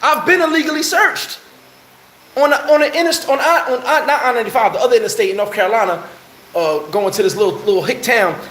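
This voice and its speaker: A man's voice: very high-pitched, fast talker, roomy sound, poor audio. A man, telling a heated story on a casual live stream and answering chat. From New York. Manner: animated, heated storyteller, acts out quotes. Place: bar in the Dominican Republic.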